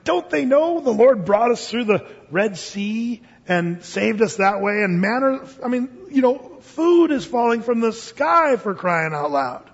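A man playing an exasperated prophet who shouts and scolds a complaining crowd. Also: extremely high pitch, very animated, a little slow, few pauses, breathy edge, exaggerated voice. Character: angry exasperated male prophet Moses. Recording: dull sound in a reverberant hall.

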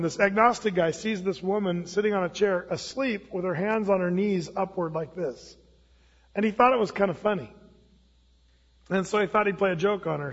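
A man preaching a sermon in a conversational storytelling way, often restarting phrases. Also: high voice. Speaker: pastor. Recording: dull lo-fi sound with long hall reverb.

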